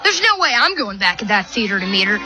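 A woman's voice: medium pitch, sing-song, fast talker, over music, crowd noise, natural voice, rough recording. A woman voicing a scared teenage cast member who rambles nervously, in an audio drama. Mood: pleading.

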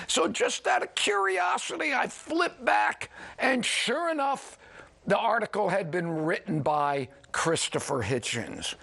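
A man with a New York twang hosts his program in a loose, chatty monologue. His voice has a gravelly edge and swings widely up and down as he talks. He takes his time and throws in exclamations and jokes at his own expense. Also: sits high. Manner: chatty, animated, with exclamations and self-deprecating asides. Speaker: program host. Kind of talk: casual radio-style monologue.

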